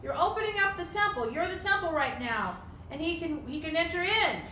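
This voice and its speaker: A woman's voice: very high-pitched, animated, fairly quick, bright, forceful tone, slight background noise. A woman teaching a Bible study, emphatic and repetitive, asking rhetorical questions. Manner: emphatic, repeats phrases, asks rhetorical questions. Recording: echoey room.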